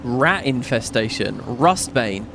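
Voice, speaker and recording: A man's voice: medium pitch, expressive, slow, gravelly, background noise. A man giving casual let's-play commentary, chatting and musing aloud as he reads on-screen game text. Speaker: gaming YouTuber. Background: game music.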